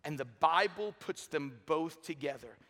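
A man's voice: on the high side, expressive, unhurried, a bit bright. A middle-aged man preaching a sermon with energy and humor in a large church. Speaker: pastor. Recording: long hall reverb.

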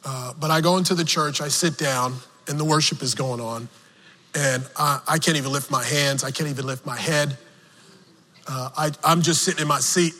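A man preaching a sermon, telling a personal story slowly with emotional swings, from the pulpit of a church. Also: on the high side, fairly even intonation, bright, forceful tone. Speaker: pastor. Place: church sanctuary. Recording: long reverb of a large hall.

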